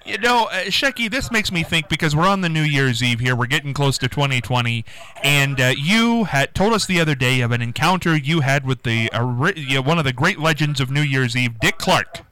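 A man's voice: on the high side, animated, brisk, pushed and bright, low-quality recording. A male radio host interviewing a guest, laughing often and prompting stories.

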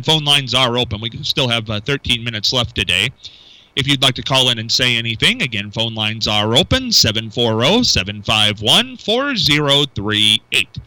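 A man's voice: medium pitch, pushed and bright, no room sound, low-quality recording. A man hosting a call-in radio show, chatty and rambling with fillers. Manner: chatty, rambling with fillers, repeats phone number. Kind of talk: casual call-in radio talk.

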